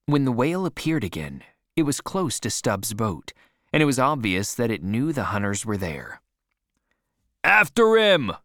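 A man narrating an adventure story as a scripted audiobook, expressive and measured. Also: fairly low pitch, no room sound, clean studio sound.

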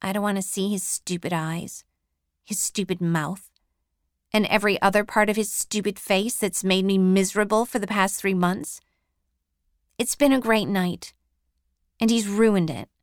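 Female audiobook narrator, measured first-person reading, unhurried, dry studio. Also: medium pitch, no room sound.

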